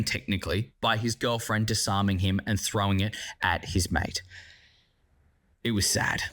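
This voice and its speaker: A man giving a casual spoken review of a series, animated and excitable, swearing freely as he talks. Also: medium pitch. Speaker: show reviewer.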